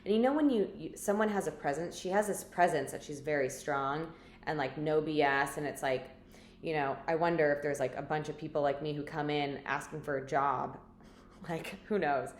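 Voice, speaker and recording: A woman's voice: low voice, normal speed. A woman vlogger telling a story in a chatty, rambling way, full of filler words. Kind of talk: casual storytelling to camera. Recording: echoey room with faint background noise.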